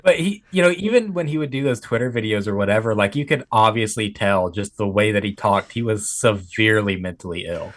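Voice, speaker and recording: A man's voice: on the low side, brisk, few pauses. Blunt, ranting male comedian co-host. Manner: blunt, rants, laughs. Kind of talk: casual comedy chat.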